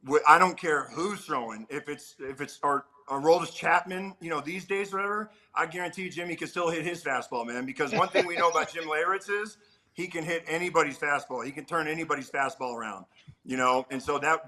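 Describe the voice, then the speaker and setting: A middle-aged man, a former pitcher, telling animated stories as a guest on an interview show. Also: fairly quick, poor audio. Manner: animated, peppers talk with "man". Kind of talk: casual storytelling chat.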